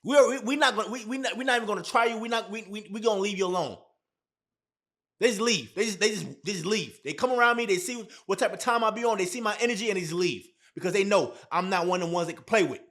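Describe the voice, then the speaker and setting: A man's voice: high voice, fast, a bit bright. A man giving blunt, emphatic dating advice straight to camera, repeating his points. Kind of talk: casual talk to camera.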